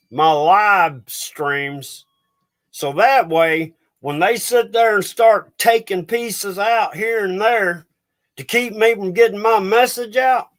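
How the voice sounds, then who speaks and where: High-voiced man ranting angrily. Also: fairly bright tone. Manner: agitated, ranting, swearing. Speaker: livestream host. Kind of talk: angry ranting livestream.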